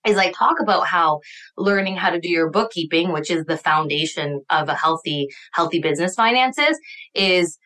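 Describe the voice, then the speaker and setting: A woman's voice: lowish voice, lively intonation, moderate pace, bright, forceful tone. A woman chatting casually as a podcast guest, upbeat and laughing often, with lots of "like" fillers. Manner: upbeat, laughs often, acts out voices in quotes; many "like" fillers. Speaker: guest, accountant and bookkeeping coach.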